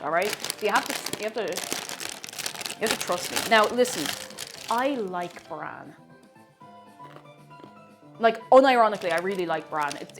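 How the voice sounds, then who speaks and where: A woman chatting playfully with viewers as a streamer while she bakes on a live stream. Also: mid-range voice. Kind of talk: casual chat while baking on a live stream.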